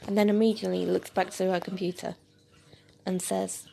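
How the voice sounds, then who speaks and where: A woman's voice: mid-range voice, fairly even intonation, normal speed, vocal fry, warm tone, slight background noise. A woman narrating an amateur audio story, reading plainly with hesitant fillers.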